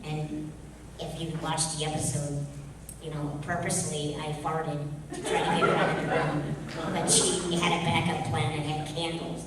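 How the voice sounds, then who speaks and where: A man answering questions at a convention panel, with quick jokes and an offhand ease. His voice rings through a large hall with long reverb. He sounds far from the microphone. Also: on the high side, level tone, very noisy. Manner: joking, offhand. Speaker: guest of honour.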